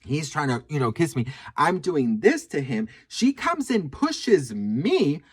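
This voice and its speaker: A man telling a gossipy story to camera, sassy and animated, swearing freely and calling his viewers "girl.". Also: on the high side, slow, breathy edge. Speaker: video creator.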